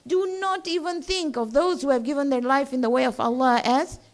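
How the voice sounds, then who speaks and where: A woman's voice: high-pitched, brisk. A woman giving a religious lecture to a gathering, in a conversational way that keeps checking in with her listeners.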